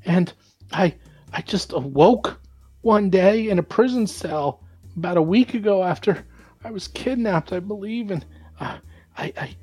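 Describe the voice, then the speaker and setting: A man's voice: a little slow, a little mellow, slightly rough. A man voicing a blinded, sobbing prisoner. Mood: frightened. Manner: sobbing, stammering, breaking into high cries. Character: blinded terrified male prisoner, pleading.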